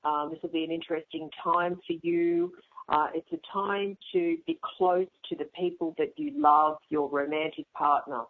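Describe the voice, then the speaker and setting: A woman's voice: deep voice, steady tone, moderate pace. A woman hosting a radio astrology show, talking through star signs in a chatty way with frequent ums and uhs. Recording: phone-like narrow radio sound.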